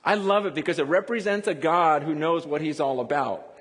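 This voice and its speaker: Animated preacher in an echoing hall. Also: male voice, on the high side. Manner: animated, conversational preaching with quick laughs. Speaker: pastor. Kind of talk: sermon.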